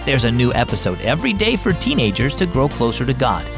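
A man's voice: mid-range voice, wildly swooping pitch, fast, creaky, music in the background. A man hosting a children's devotional program, reading scripted narration and asking the listener friendly questions.

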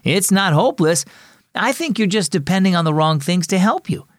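A man voicing a kindly, patient Sunday school teacher who speaks gently and encouragingly. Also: sits high, expressive, moderate pace, no echo, clean studio sound, voice pushed up. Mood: gentle.

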